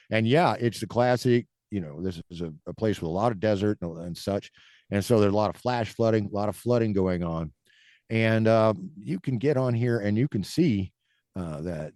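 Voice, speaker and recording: Podcast host, male, chatty and upbeat, lowish voice, dry close sound. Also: a little mellow, dry recording. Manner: chatty, upbeat, quick to laugh. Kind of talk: casual podcast chat.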